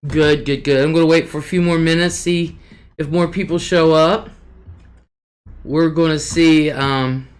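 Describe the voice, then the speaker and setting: A woman's voice: low voice, steady tone, measured pace. A woman hosting a casual live stream from her desk, greeting viewers by name, reading their comments aloud and swearing freely. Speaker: livestream host.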